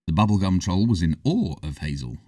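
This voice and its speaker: A man reading a children's story aloud in an expressive, animated way, heard from a distance. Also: sits low, a little fast, dry recording. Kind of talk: storybook narration. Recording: distant, dry.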